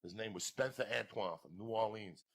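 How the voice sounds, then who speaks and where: A man with a New York accent telling wild, profane stories as a podcast guest, breaking into booming laughs. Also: fairly quick, creaky, fairly bright tone, husky. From Cuba. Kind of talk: storytelling on a podcast.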